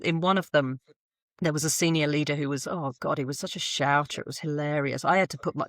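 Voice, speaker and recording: A woman's voice: low-pitched, no echo, studio quality. A woman in her forties, a podcast guest telling frank stories with blunt humour and laughs. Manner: blunt, animated storytelling with laughs. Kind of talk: candid conversational interview.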